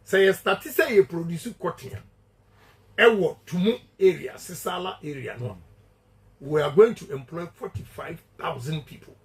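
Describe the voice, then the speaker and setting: A man's voice: fairly high pitch, expressive, normal speed, rough recording. A man with a Ghanaian accent giving an emphatic campaign speech, repeating his key points and switching between English and Twi. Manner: emphatic, repetitive and declamatory. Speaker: politician addressing supporters.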